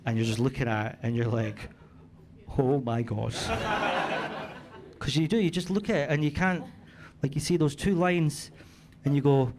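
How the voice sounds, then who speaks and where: A man's voice: a little high, lively intonation, moderate pace, pauses often, crowd noise. A Scottish man in his thirties doing a stand-up set, telling a story in a chatty, swearing manner with frequent tag questions, on a handheld mic in a comedy club. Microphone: handheld stage mic. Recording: noisy live club recording.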